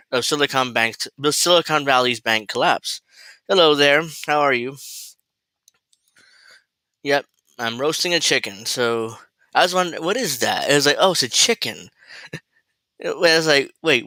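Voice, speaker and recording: At home, a man cooks while hosting a casual political commentary livestream. He rambles sardonically and swears freely. His mid-range voice has a sharp tone, with no room sound in the recording.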